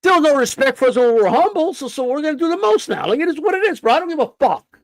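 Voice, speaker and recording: Man, very high voice, boxing stream host, profane defiant rant, stammering, dry close sound. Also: sing-song, fast talker, no room sound. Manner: stammers and restarts.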